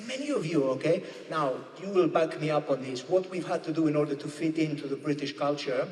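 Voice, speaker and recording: A man's voice: fairly high pitch, darkish tone. A man doing live stand-up comedy in a church, chatty and constantly checking in with the audience. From United Kingdom. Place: church used as a venue. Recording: echoey church hall from a distance.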